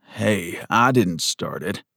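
A man's voice: low-pitched, expressive, slow pace, gravelly, a bit bright, no echo, studio quality, heavily acted. A man voicing a brash, flirtatious, injured cowboy with a cocky drawl, in an audiobook.

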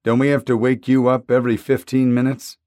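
A man's voice: mid-range voice, flat delivery, fairly quick, warm tone, no echo, clean studio sound, close to an everyday voice. A man voicing a hurt teenage boy who speaks in short, breathless gasps in a storybook reading. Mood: strained. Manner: breathless, wheezy. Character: teenage boy with broken ribs, gasping.

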